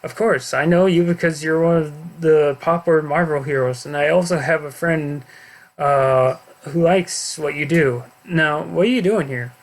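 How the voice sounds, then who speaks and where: A patient but exasperated young man, as a man reads him in a homemade story reading. He talks plainly, hesitating with lots of little pauses. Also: on the high side.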